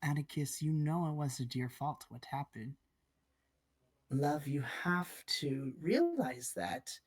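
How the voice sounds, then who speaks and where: A game master voicing a gentle, reassuring aunt who mothers a younger man in a tabletop game. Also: medium pitch, big pitch swings, slow pace. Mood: gentle, soothing. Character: warm motherly aunt, older woman. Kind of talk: tabletop role-play character voice.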